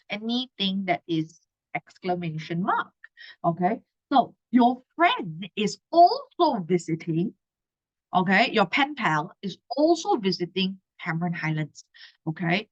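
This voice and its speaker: A woman's voice: lowish voice, dull audio. A woman in her thirties with a Malaysian English accent, teaching an exam-prep class in a chatty way, often adding "okay?" to her points. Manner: chatty, tags lines with "okay?". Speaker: tutor.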